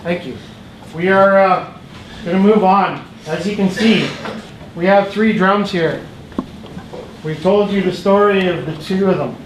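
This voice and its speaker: Slow-spoken male emcee in a roomy hall. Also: high-pitched. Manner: slow, storytelling delivery. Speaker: emcee of a community feast. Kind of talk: speaking to a crowd. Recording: roomy hall with faint background noise.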